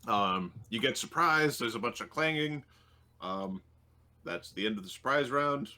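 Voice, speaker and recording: A man's voice: medium pitch, animated, unhurried, pushed and bright. A man running a tabletop game as game master, talking through rules and rolls with frequent ums. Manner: hesitant, full of ums, working through rules aloud.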